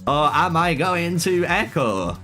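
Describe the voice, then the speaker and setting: A gaming streamer chats casually with viewers while playing live, swearing a lot, laughing often and calling them bro. His voice is fairly high, sing-song, slow, pushed and bright, with soft music in the background.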